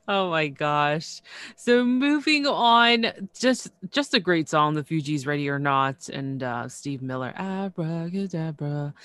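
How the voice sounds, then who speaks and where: A woman's voice: low voice, animated, slow, a bit bright, dry recording, studio quality. A woman co-hosting a podcast in casual chat, bubbly and laughing often, with lots of "you know" and "like". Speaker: podcast co-host.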